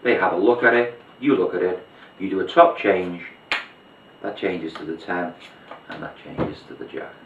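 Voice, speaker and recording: A low-voiced man talks through a card trick step by step, chatty and hands-on as he demonstrates. He sits back from the mic in a roomy space, and the recording sounds dull and muffled. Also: moderate pace, long pauses, far from the mic, a little hiss or hum. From Liverpool, England. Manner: chatty, step-by-step explaining while handling cards. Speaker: magician teaching a card trick. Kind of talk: demonstration tutorial.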